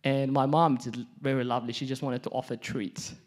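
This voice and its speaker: A young man, performing lively stand-up storytelling on a theatre stage. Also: medium pitch, brisk. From Perth, Australia. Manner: animated, chatty storytelling. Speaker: stand-up comedian. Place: theatre stage before a live audience.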